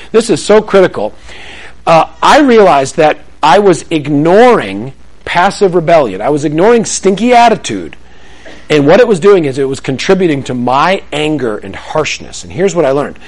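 A man's voice: fairly high pitch, a little fast, low-quality recording. A middle-aged man giving a Christian parenting talk to a live audience, telling family stories with humor and acting out the dialogue. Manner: animated storytelling, acts out family dialogue; humorous, self-deprecating asides. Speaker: parenting speaker. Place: room with an audience.

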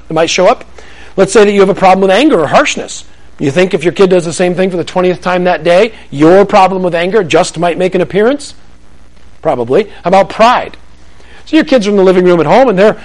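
A high-voiced man preaching on parenting to a live crowd. He speaks in a conversational, animated way, often slipping into little acted-out scenes. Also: fast. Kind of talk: sermon-style teaching to a live audience.

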